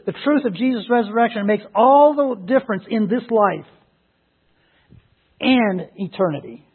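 High-voiced pastor preaching emphatically, tinny sound. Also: male voice, normal speed, pauses often, husky. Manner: animated, emphatic, laughs while telling stories. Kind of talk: Easter sermon. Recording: phone-like lo-fi sound.

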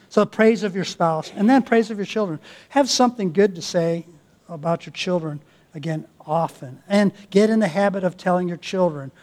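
A man's voice: sits high, moderate pace, a little mellow. A man preaching a sermon as pastor, earnest and exhorting, asking his listeners rhetorical questions.

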